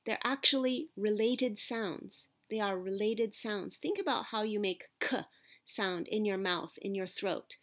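A woman teaching Japanese pronunciation in a patient, deliberate classroom manner, modelling sounds for her students. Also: mid-range voice. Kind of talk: classroom-style lesson.

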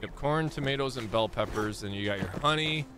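A man's voice: mid-range voice, brisk, sharp tone. A man in his thirties hosting a live game stream, chatting casually and rambling, often correcting himself and laughing.

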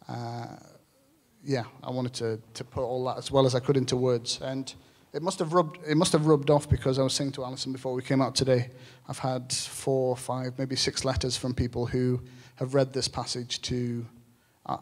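A man from England's Lake District, an author speaking on stage at a live event, talking in an earnest, halting way with many fillers. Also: medium pitch, flat delivery. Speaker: author and shepherd guest speaker. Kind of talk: public talk with reading and Q&A.

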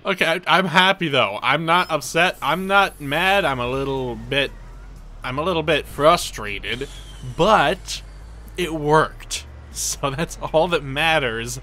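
A man giving excitable let's play commentary, reading game dialogue aloud and yelping when things go wrong. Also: a little high, slow pace. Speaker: gaming video creator.

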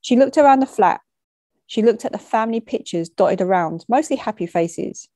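A woman reading a short story aloud, measured and matter-of-fact, dropping street slang into the narration. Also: a little high, lively intonation, mellow, no room sound.

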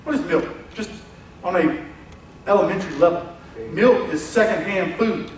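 A man's voice: high voice, normal speed, a little hiss or hum. Preaching man in an echoey church. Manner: animated, acts out quoted voices, swings from loud to hushed. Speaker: pastor. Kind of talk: sermon. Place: church sanctuary. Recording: echoey church hall from far off.

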